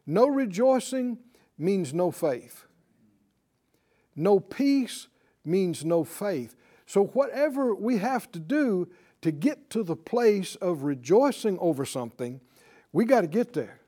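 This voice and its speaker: A man preaching a sermon in a lively way, laughing often and checking in with his listeners with "right?". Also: sits high, slow pace. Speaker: pastor.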